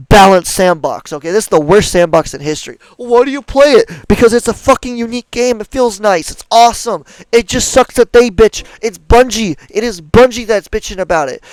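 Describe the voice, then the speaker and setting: A man's voice: sits high, clean tone, no room sound, poor audio. A young man ranting angrily about a game's balance, profane and exasperated, as a streamer talking to his viewers. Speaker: gaming streamer. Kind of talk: ranting gameplay commentary.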